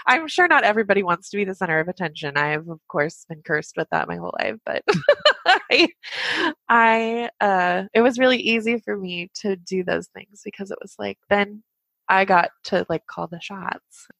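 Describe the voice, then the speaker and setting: A woman's voice: mid-range voice, lively intonation, normal speed, creaky, fairly bright tone, dry recording. A woman, a guest on a podcast, chatting casually and laughing often as she tells her own stories.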